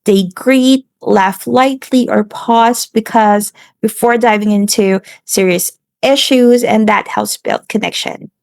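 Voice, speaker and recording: A woman presenting a class lesson on relaxing the voice, steady and instructive, with some slips and restarts. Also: a little high, slow pace, dry recording. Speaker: student presenter.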